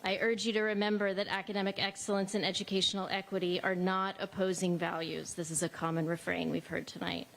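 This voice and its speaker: A woman parent reading a formal, measured statement at a public hearing. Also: medium pitch, little pitch movement, vocal fry, a little hiss or hum, rough recording. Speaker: parent speaker. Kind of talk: read public comment. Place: high school meeting hall.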